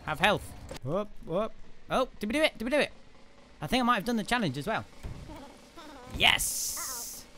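A young man giving excitable let's-play commentary, laughing often and yelling at his teammates. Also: high voice, fast, long pauses. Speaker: gaming video host.

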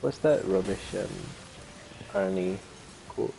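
A young man chatting with a friend over a video game, pausing and searching for words. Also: deep voice, vocal fry, mellow, faint music behind, low-quality recording. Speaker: gaming buddy. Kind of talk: casual chat while gaming.

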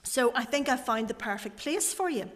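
A woman's voice: a little high, animated, normal speed, natural voice. A woman telling of a kindly Saint Peter at heaven's gate. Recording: church hall reverb.

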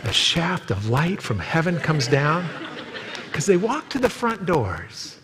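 A man's voice: sing-song, slow pace, in a large hall, noisy background. A man preaching a sermon as a pastor, telling stories and acting out the people in them. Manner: storytelling, acting out quoted voices in a higher pitch. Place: church sanctuary.

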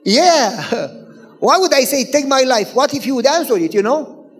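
A male pastor telling a personal story in a sermon, animated and acting out the dialogue. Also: very high voice, measured pace, slightly rough. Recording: long reverb of a large hall.

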